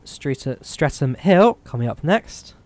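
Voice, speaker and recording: A man's voice: a little high, very animated, slow, no echo. A young man with a mix of Midlands and Eastern European accents, chatting casually and rambling as he streams a train simulator. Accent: Midlands English mixed with Eastern European. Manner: chatty, rambling, self-deprecating. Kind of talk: casual gameplay commentary.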